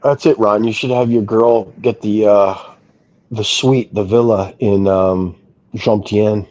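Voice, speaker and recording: A man's voice: lowish voice, fairly even intonation, a little slow, a little mellow, lo-fi sound. A man in casual chat, blunt and crude in an offhand way. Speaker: stream host.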